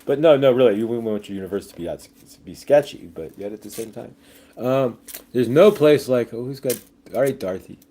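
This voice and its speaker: A man's voice: mid-range voice, a little fast, mellow. A man hosting a casual livestream, rambling with many fillers and jokey asides, reading viewer comments aloud. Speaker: livestream host.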